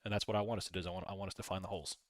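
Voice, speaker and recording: A man's voice: deep voice, flat delivery, very fast, dry recording. A man hosting a casual live stream, rambling, reading chat messages aloud and talking through his trades. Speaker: livestream host.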